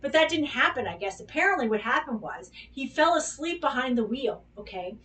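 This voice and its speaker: Animated woman telling a story off-mic. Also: high voice, fairly quick, recorded from a distance, a little hiss or hum. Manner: animated, exclamatory, swears freely. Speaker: dog groomer. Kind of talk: casual storytelling monologue.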